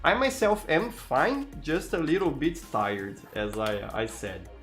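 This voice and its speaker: A man's voice: fairly high pitch, measured pace, soft background music. Tired Brazilian man streaming. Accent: Brazilian Portuguese. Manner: greets viewers by name, frequent restarts, relaxed. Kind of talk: casual live-stream chat.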